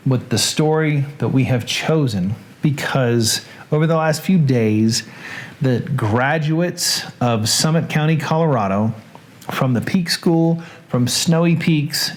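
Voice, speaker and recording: A man with a Southern accent hosting a casual livestream, chatting in a rambling way with asides and restarts. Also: mid-range voice. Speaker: host.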